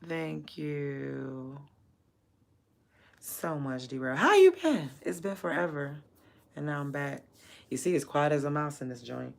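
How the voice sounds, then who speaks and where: A woman's voice: deep voice, fairly even intonation, normal speed, creaky. A woman livestreaming while she works, chatting bluntly and profanely with viewers and laughing often. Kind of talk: casual livestream chat.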